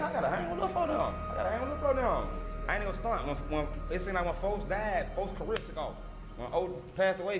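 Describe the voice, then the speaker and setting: A man telling street stories in an animated, excited way, full of swearing. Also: on the high side, echoey room. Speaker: interviewee from the neighborhood. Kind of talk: animated storytelling.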